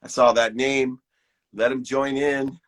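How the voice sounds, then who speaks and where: A man's voice: medium pitch, level tone, unhurried. A man in his fifties giving an enthusiastic, preachy pep talk to viewers on a live stream, hosting it from his phone. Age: 50s.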